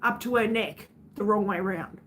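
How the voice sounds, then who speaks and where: A woman's voice: medium pitch, moderate pace, slight background noise. An Australian woman chatting casually on her livestream, venting bluntly to her viewers and swearing freely.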